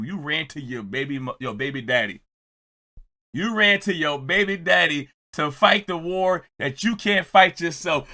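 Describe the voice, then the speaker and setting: A man commenting on a clip in a reaction video, ranting and repeating himself, sometimes shouting as he mimics others. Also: high voice.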